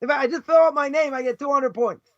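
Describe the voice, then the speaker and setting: Rabbi guy ranting in a lesson, super high voice, sarcastic, dry muffled audio. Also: no echo. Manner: loud, passionate, sarcastic, quick mock voices for others. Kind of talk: fiery lesson. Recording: dull, dry close recording.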